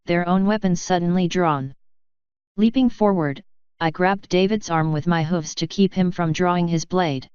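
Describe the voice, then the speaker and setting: A woman reading a fan fiction story aloud in a steady narration, in a dull lo-fi recording. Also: on the low side, clear, resonant tone, dry recording. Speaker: fanfiction reader.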